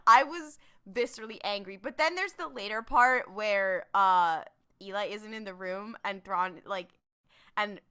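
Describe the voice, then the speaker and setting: Woman, podcast co-host, bright sharp tone, excitable, emphatic, casual chat. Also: medium pitch.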